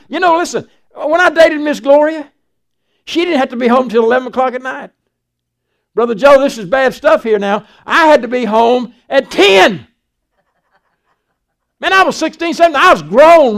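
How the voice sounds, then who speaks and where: High-voiced preacher man, folksy. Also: expressive, moderate pace, gravelly, a bit bright. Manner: folksy, preachy, acts out Bible dialogue. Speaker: pastor. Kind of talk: sermon.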